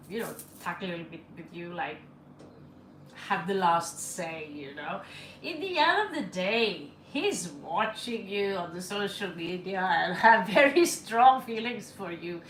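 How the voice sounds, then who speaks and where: A woman's voice: on the low side, animated, unhurried, gravelly, a bit bright. A woman who does not speak English as her first language, chatting and laughing as she reads tarot cards aloud on a live stream, in slightly broken English. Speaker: tarot reader. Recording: echoey room with faint ambient noise.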